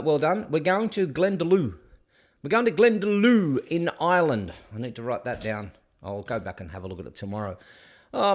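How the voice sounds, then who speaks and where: A man hosting a casual live stream, chatty and joking, talking back to the clips he plays. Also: on the high side. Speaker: host.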